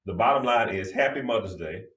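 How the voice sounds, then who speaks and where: A man with a fairly low voice speaks as co-host in an earnest manner. He sounds distant from the mic, and his voice echoes around the room. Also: animated, brisk, a bit bright. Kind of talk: casual chat.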